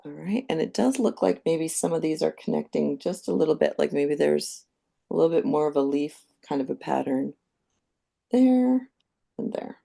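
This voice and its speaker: A woman giving a live painting demonstration, calmly explaining each step as she thinks aloud. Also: low voice, normal speed, creaky. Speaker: painting instructor.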